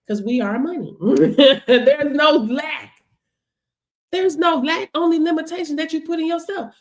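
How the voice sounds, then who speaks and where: A woman hosting a business workshop livestream, preaching with frequent laughs and call-outs to the audience. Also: high-pitched. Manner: preachy, laughs often, keeps asking "hello?". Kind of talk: motivational livestream talk.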